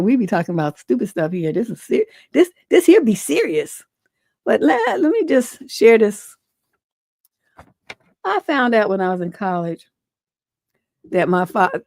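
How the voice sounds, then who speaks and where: A woman's voice: on the low side, warm tone, no room sound, studio quality. A middle-aged woman hosting a livestream advice show, reading a viewer's letter and then giving frank, folksy advice. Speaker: relationship advice host.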